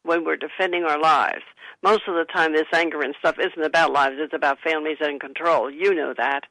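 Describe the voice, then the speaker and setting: A woman speaks as an author on a talk radio show, earnest and advising. Her voice is gravelly and forceful. The sound is dry and close. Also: low-pitched, steady tone, brisk, no room sound, low-quality recording. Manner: earnest, advising, gives listeners example phrases. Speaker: author guest. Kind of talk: radio interview. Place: studio.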